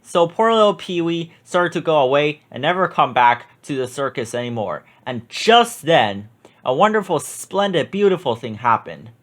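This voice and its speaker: A man reading a children's picture book aloud with expressive, drawn-out emphasis. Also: on the high side.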